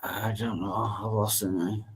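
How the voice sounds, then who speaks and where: A man's voice: lowish voice, level tone, a little slow, breathy edge. A man hosting a live stream chat, joking crudely and laughing often at himself. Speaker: stream host.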